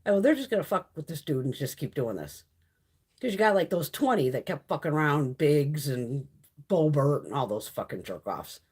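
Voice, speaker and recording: A woman's voice: low-pitched, very animated, moderate pace, darkish tone, husky. A woman hosting a casual live stream chat, ranting with frequent swearing and laughing often. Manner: profane, ranting, exasperated.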